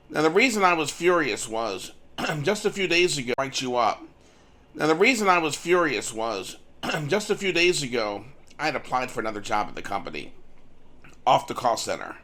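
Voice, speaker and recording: A man's voice: medium pitch, normal speed. A man hosting a podcast, telling a personal work story and acting out the quoted lines. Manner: animated storyteller, acts out quoted voices. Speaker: podcast host. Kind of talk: storytelling anecdote.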